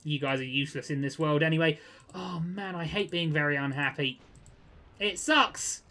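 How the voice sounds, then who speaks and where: A young man giving casual gameplay commentary, chatty and quick to get exasperated, with jokey asides. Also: a little high, a bit bright. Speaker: gaming video creator.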